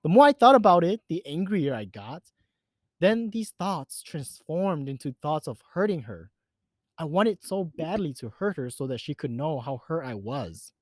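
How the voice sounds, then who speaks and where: A man's voice: a little high, very animated, normal speed, a little mellow, no room sound. Man narrating a first-person horror story.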